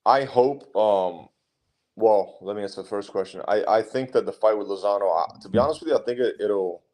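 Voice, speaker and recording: Casting: low-voiced man, blunt and profane, casual interview guest. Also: fairly quick, a little mellow. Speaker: guest fighter.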